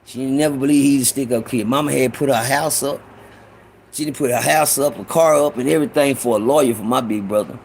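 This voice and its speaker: A man's voice: mid-range voice, fairly quick, vocal fry, a little mellow, a little hiss or hum. A man telling a rambling, profane story from his own life in a casual way, with many restarts. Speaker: storyteller host.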